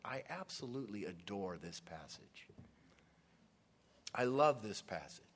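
A man preaching a sermon, earnest and conversational, acting out scenes as he retells them. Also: lowish voice. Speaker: pastor.

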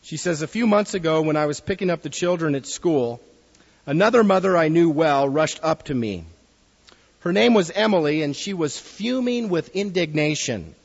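A man's voice: a little high, expressive, moderate pace, slightly rough, long reverb tail, muffled recording. A man preaching a sermon in an earnest way, reading a story aloud to his listeners.

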